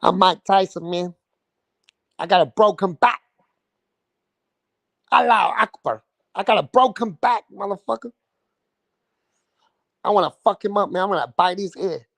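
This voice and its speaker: A man's voice: high-pitched, normal speed, creaky, long pauses, fairly bright tone, no room sound, exaggerated voice. A man doing a crude, bragging boxer impression. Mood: crude boastful. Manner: crude, lewd bragging in short lines. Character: crude boastful male boxer impression, brash.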